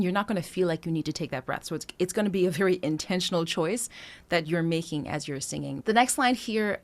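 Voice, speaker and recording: A woman vocal coach talking through breath choices in a singing lesson, now and then singing short lines to demonstrate. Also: on the low side. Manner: explanatory, breaks into sung demonstrations, laughs lightly.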